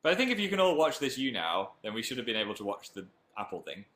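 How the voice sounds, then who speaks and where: A man's voice: medium pitch, very animated, fast, fairly bright tone, reverberant. A young man with a Northern English accent, chatting casually on a live stream and reading viewer comments aloud. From Northern England.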